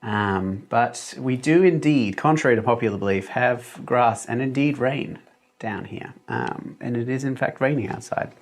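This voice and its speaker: Chatty man with a gravelly English accent. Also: medium pitch, normal speed. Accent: English accent from British parents, living in Australia. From Australia. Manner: rambling and chatty, with many fillers and restarts. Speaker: livestream host and mapmaker. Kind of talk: casual livestream chat. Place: a small home room. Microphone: desk mic, no headphones.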